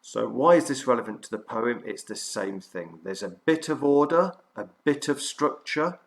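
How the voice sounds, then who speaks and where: A male teacher giving a recorded revision lesson, explaining patiently and haltingly with frequent fillers. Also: mid-range voice, animated, creaky.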